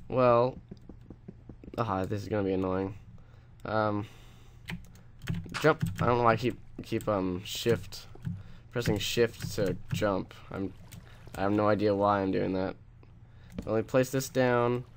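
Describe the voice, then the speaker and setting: A young man with a fairly low voice rambles through casual gameplay commentary, slipping into sarcastic rants and frequent restarts. Faint keyboard clicks sit behind his voice. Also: slight background noise. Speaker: let's play host.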